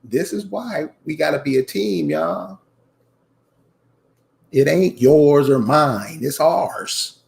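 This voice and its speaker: A slightly high, gravelly male voice with a darkish tone, lively intonation, a slow pace, and long pauses. The channel host delivers a casual, preachy commentary rant, emphatically repeating points and talking straight to his viewers as "y'all."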